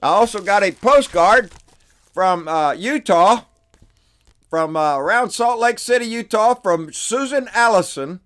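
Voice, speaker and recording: A man, hosting his own channel in a casual, excitable, folksy way, slightly out of breath. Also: high voice, measured pace. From Texas, USA. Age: 60s. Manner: excitable, folksy, repeats himself. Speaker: channel host. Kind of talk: casual political vlog chat.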